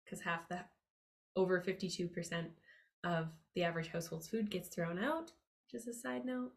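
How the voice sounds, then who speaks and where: A woman's voice: lowish voice, normal speed, vocal fry. A woman hosting a podcast on money mindset, talking in a casual, upbeat and chatty way with many fillers and asides. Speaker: podcast host. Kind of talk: casual motivational talk.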